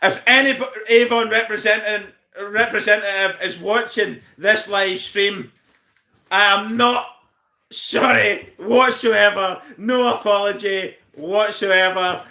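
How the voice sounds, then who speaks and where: A Northern Irish man hosting a live stream, his voice high and bright. He swears freely and breaks into laughter as he ribs his viewers. The room around him is echoey. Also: fairly even intonation, takes it slowly, creaky. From Northern Ireland. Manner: laughs constantly, swears, teases viewers by name. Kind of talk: casual live stream banter.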